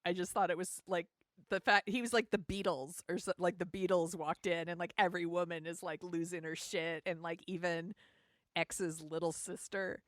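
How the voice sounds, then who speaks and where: A woman co-host eagerly retells movie scenes in a relaxed chat, her voice sitting a bit low. The sound is close and dry. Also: normal speed, dry recording. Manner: enthusiastic, animated retelling. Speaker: podcast co-host.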